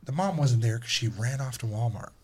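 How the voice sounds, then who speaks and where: Animated swearing man telling stories. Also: medium pitch, a little fast, slightly rough. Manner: animated, swears freely, acts out people in his stories. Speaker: podcast host. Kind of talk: casual storytelling chat.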